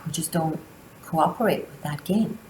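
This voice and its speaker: A woman tarot reader giving a spiritual monthly reading, speaking slowly and deliberately with long pauses. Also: low voice, darkish tone, reverberant, a little hiss or hum, rough recording. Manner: slow, deliberate delivery with drawn-out pauses.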